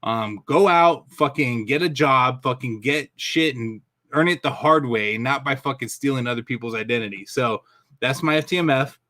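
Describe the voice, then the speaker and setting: A man ranting on a podcast, cursing in nearly every sentence. His voice is bright and forceful, with an ordinary pitch for a man. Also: normal speed. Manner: angry profane ranting, swears constantly. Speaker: podcast co-host. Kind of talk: casual ranting podcast chat.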